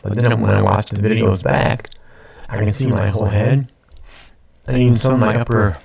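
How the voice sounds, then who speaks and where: A man's voice: lowish voice, steady tone, normal speed, creaky, a little mellow. An older man with stuffy sinuses, rambling casually and repeating himself while talking to his computer camera at home. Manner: meandering, repeats himself, self-deprecating asides. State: sniffly, congested sinuses. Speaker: vlogger. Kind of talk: rambling late-night chat to camera. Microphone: computer webcam mic.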